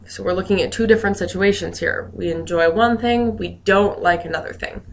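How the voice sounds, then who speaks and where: A woman's voice: medium pitch, a little fast, a little hiss or hum. A woman teacher giving a recorded grammar lesson, explaining rules in a friendly way with joking asides.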